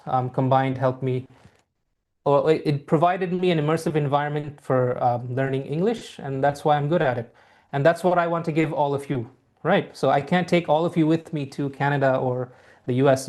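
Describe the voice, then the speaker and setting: A man's voice: on the high side, a little mellow. A young Bengali-speaking man with a mostly American accent and traces of Bengali, teaching a live online English class into a laptop mic, friendly and full of fillers. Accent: mostly American with some Bengali sounds. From Bangladesh. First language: Bangla. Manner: friendly, hesitant with many fillers.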